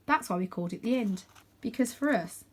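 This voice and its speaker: A woman reading a storybook aloud and voicing a frightened, weary girl who speaks quietly. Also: fairly high pitch, expressive, a little fast, breathy edge. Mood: uneasy. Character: frightened, weary older sister.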